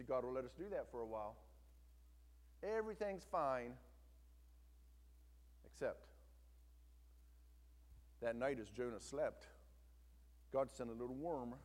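A man's voice: medium pitch, lively intonation, measured pace, pauses often, darkish tone. Emphatic preacher man in a reverberant hall. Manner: storytelling, emphatic, asks the congregation to listen. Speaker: pastor. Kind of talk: sermon.

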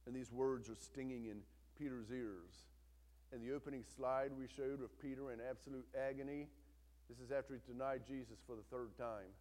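A man preaching a sermon, swinging between loud, intense retelling and hushed, quiet emphasis. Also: mid-range voice, fairly even intonation, normal speed. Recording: long hall reverb.

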